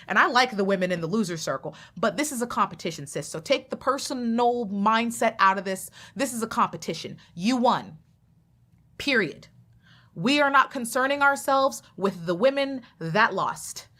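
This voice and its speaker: A woman's voice: fairly high pitch, animated, normal speed, a bit bright. A woman commenting bluntly and sassily. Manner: blunt, sassy and emphatic. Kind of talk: opinionated reaction commentary.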